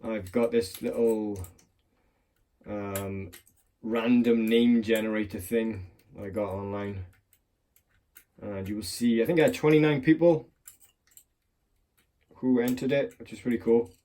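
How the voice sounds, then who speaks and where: Unhurried, with long pauses, the hobbyist talks in a fairly low, mellow voice with fairly even intonation. He rambles about picking locks as he demonstrates, swearing and joking at himself, recorded on a clamped phone.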